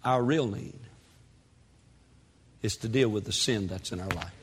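A man preaching a sermon in a church, animated, with sudden shouts and quick asides. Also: on the low side, slightly rough. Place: church sanctuary. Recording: long hall reverb.

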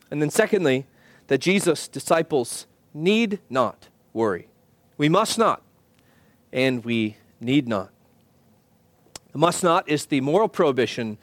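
A pastor preaching a sermon in an earnest, measured way, slowing down to stress key phrases. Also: male voice, a little high, no echo. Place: church.

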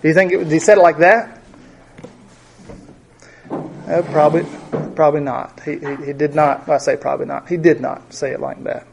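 A man's voice: fairly high pitch, steady tone, normal speed, creaky, pauses often, darkish tone, a little hiss or hum. A middle-aged man teaching a Bible study in a conversational way, often asking his group questions.

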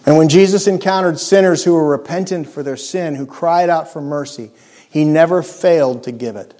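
A male preacher with a fairly high voice delivers a sermon in an earnest, emphatic way. He lets his voice fall to a near hush on key words. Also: moderate pace. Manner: earnest, emphatic preaching with dramatic drops in volume; acts out scripture quotes in character voices.

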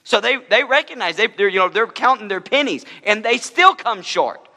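Bright-voiced male pastor preaching. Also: high voice, lively intonation, moderate pace, in a large hall. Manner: conversational preaching with humorous asides. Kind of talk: sermon.

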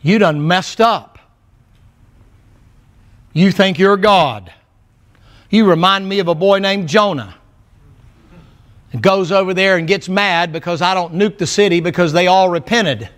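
A man preaching a sermon, telling Bible stories in a folksy, animated way and acting out the characters' words. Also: high-pitched, unhurried, long pauses. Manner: folksy, animated storytelling with acted quotes.

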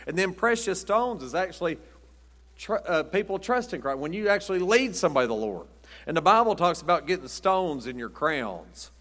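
A man's voice: medium pitch, fairly bright tone. A man preaching a sermon in a folksy, conversational way with acted asides, recorded in a church sanctuary. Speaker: pastor. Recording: long hall reverb.

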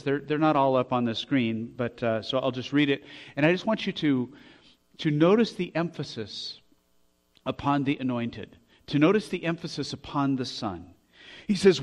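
A man preaching a sermon, earnest, restarting phrases, growing loud as he reads scripture aloud. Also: medium pitch. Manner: earnest, repeats words when restarting, rises to loud when reading scripture.

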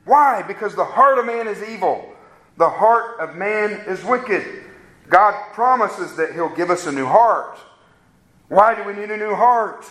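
Pastor, male, slightly high voice, preaching with emphatic swells in a reverberant sanctuary. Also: lively intonation, fairly bright tone. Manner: preaching with rising emphatic peaks and slow, drawn-out stresses. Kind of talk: sermon.

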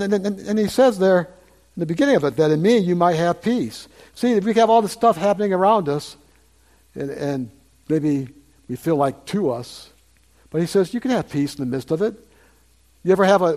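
A man's voice: high voice, a little mellow. An older man preaching a sermon to a congregation in a conversational way, repeating phrases and asking the listeners questions.

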